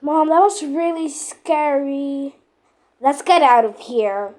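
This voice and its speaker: A woman narrating and voicing a playful game role-play in an excitable, dramatic way, full of exclamations. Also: sits high, takes it slowly, noisy background.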